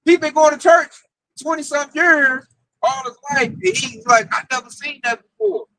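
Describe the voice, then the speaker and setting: A man with an Oklahoma accent telling a story in casual talk, animated and acting out the quoted voices. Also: extremely high pitch, moderate pace, no room sound, rough recording. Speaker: camp member telling a story.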